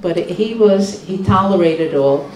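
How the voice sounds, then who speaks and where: A woman's voice: fairly low pitch, a crowd in the background. Older woman telling a story, roomy distant sound. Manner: slow, measured, with frequent restarts. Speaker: rebbetzin giving a talk. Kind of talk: storytelling lecture.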